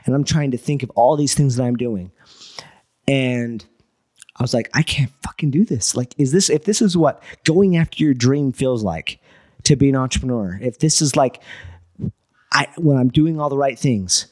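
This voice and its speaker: A man's voice: mid-range voice, normal speed. A man, a guest entrepreneur, telling a story in casual talk, swearing and acting out what people said. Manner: animated, swearing, acts out quoted dialogue.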